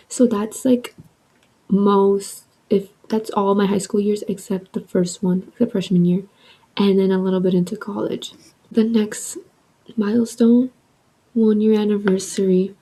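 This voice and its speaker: A woman in her twenties telling a story in a chatty, animated way, filling her talk with "like" and swearing. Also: mid-range voice, breathy edge, poor audio. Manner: chatty, heavy use of "like", swearing, animated retelling. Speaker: vlogger. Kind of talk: casual storytime with soft ASMR eating.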